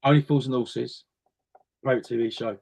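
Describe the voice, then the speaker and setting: A singer and actor from North West London chats as an interview guest, answering questions in a relaxed, storytelling way. His voice is middling in pitch for a man, fairly quick and creaky, and he repeats a word or two while gathering his thoughts.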